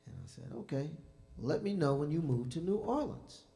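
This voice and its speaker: A man hosting a live jazz show, telling an animated story between songs and acting out the dialogue. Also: mid-range voice, fairly quick, creaky. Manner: animated, acts out dialogue with lively voices. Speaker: bandleader and host of a jazz concert. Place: music venue stage. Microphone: stage microphone.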